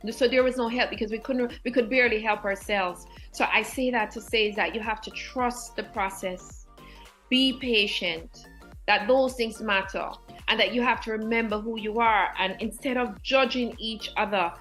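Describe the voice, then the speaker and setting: A woman's voice: a little high, a bit bright, rough recording. A woman guest educator telling personal stories in an earnest, heartfelt, faith-filled way, emotional and near tears.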